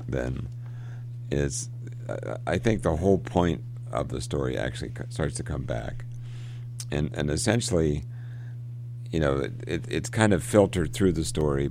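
Deep gravelly man, casual literary chat, halting delivery. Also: a little mellow, a little hiss or hum. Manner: halting, many restarts and fillers. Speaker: literature discussant. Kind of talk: casual literary discussion with read-aloud passages.

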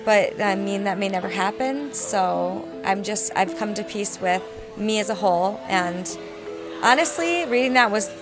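A woman with a mid-range voice reflects earnestly on her past, with pauses and soft hesitations. Music plays clearly underneath. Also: mid-range voice, lively intonation. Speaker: guest storyteller. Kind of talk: sincere interview reflection.

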